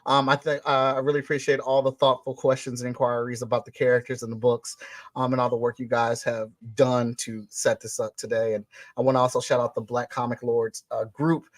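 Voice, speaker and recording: Guest, male, mid-pitched, dry close audio, relaxed and thankful, lots of ums. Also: a little fast, no echo. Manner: grateful, easygoing, many fillers. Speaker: comic book creator guest. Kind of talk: casual interview answers.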